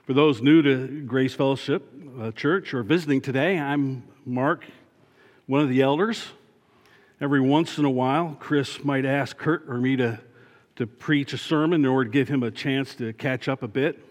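A man's voice: medium pitch, moderate pace. A man serving as a church elder, giving an earnest sermon and repeating his key points for emphasis. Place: church sanctuary. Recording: long church reverb.

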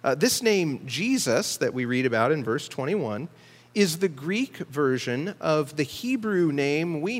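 Male pastor, fairly high voice, measured teaching delivery, church sanctuary with long reverb. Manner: measured teaching, slows to stress key words. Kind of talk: sermon.

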